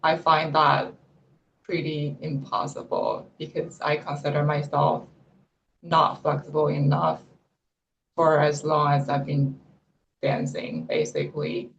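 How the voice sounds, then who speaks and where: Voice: mid-range voice, slow, vocal fry, fairly bright tone, lo-fi sound, slight background noise. A coaching client answering questions hesitantly, searching for words.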